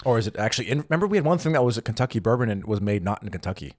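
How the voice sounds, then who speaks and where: A man's voice: lowish voice, animated, racing. A man co-hosting a casual podcast, rambling with lots of fillers and restarts. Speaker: podcast co-host. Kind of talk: casual chat. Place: living in Germany.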